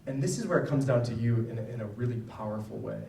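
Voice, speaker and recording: A man's voice: mid-range voice, animated, quick pace, creaky, dark tone, a little hiss or hum. Man lecturing parents in a roomy hall. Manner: conversational, often ends points with "right?". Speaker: psychologist giving a talk to parents. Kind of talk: public lecture with personal stories. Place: school event hall. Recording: roomy, distant mic, faint ambience.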